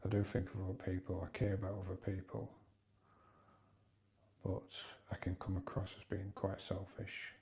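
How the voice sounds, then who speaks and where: A man's voice: sits low, monotone, normal speed, mellow, lo-fi sound. A man in his fifties talking hesitantly in a personal confessional vlog, rambling and restarting often. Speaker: vlogger.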